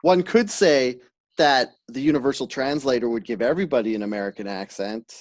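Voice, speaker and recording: A man hosting a casual podcast chat, talking quickly and laughing often. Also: medium pitch. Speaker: podcast host.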